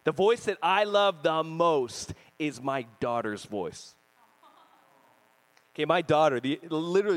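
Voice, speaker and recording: Energetic young pastor, male, higher voice, preaching with storytelling flair. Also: measured pace. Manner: energetic storytelling preacher, lively swings in pitch and volume. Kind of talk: sermon.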